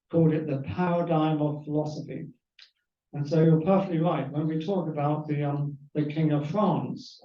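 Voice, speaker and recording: Older male speaker, mellow, rambling lecture style, distant roomy hall recording. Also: a little high. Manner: digressive, anecdotal. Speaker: guest speaker. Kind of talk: lecture with anecdotes. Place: club meeting room. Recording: roomy hall, far from the mic, dull.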